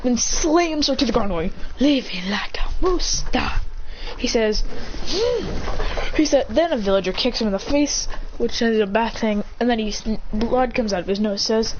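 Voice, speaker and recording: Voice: medium pitch, moderate pace, few pauses, lo-fi sound, noisy background. A storyteller eagerly retelling an improvised fan-fiction tale in tumbling run-on sentences, full of restarts and gasps.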